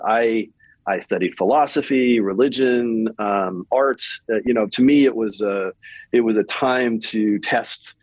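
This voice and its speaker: A man's voice: medium pitch, no room sound, poor audio. A man in his fifties with a slight Southern accent from Kentucky, talking casually as an interview guest, often restarting and repeating words.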